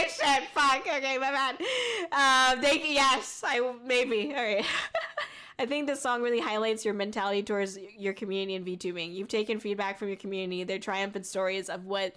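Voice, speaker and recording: A woman's voice: mid-range voice, fairly bright tone, clear, resonant tone. A woman VTuber streamer chatting casually on a livestream, reading viewer messages aloud, giggling often and swearing freely.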